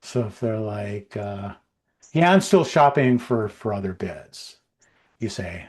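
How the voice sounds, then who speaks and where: A man's voice: lowish voice, animated, slow pace. A man co-hosting a livestream podcast, chatting casually and rambling with many fillers and restarts. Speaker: co-host.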